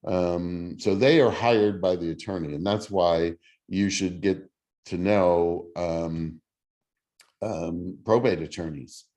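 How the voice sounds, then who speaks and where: A middle-aged man teaching a real estate class in a casual, halting way, with many fillers and restarts. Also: low voice, darkish tone. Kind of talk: casual teaching over video call.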